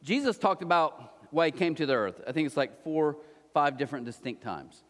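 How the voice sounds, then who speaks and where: A man preaching a conversational sermon who acts out little scenes in quick put-on voices. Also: a little high, lively intonation. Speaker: pastor. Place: church auditorium. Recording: long hall reverb.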